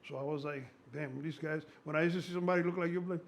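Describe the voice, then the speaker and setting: A gravelly man in his sixties talks shop like a strength coach, slightly high-pitched and worked up. He rambles and swears freely as he tells his stories, with a faint hiss of noise under his voice. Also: very fast. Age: 60s. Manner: excitable, profane, rambling storyteller. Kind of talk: casual conversation.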